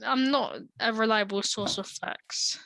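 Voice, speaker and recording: A woman's voice: a little high, fairly even intonation, unhurried, gravelly, bright, forceful tone, a little hiss or hum. A young woman co-hosting a casual podcast, teasing her co-host in a dry way. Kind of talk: casual chat.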